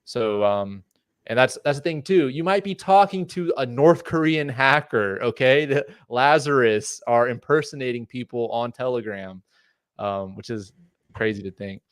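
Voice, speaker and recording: He co-hosts a casual podcast at a moderate pace, his mid-range voice clear and resonant. Passionate, rambling warnings come laced with fillers, captured in a dry, studio-quality recording.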